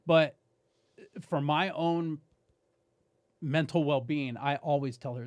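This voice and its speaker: A man guest on a podcast, telling a story in a casual, animated way, swearing and saying "dude" often. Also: fairly high pitch, takes it slowly, pauses often, no echo.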